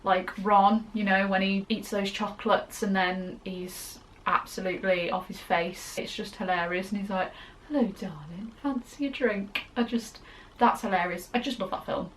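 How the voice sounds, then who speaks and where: Young girl rambling happily thru a q&a vlog, mid pitch, super chatty. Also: steady tone, moderate pace, fairly bright tone, a little hiss or hum. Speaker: YouTuber. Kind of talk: casual Q&A vlog.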